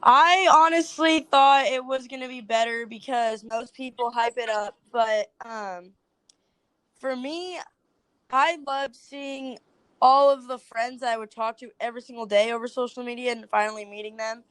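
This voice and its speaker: A woman's voice: fairly high pitch, normal speed, a bit bright, clear, resonant tone, dry recording. A woman, a social media creator, chatting casually as a podcast guest, filling her talk with "like". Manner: chatty, heavy use of "like".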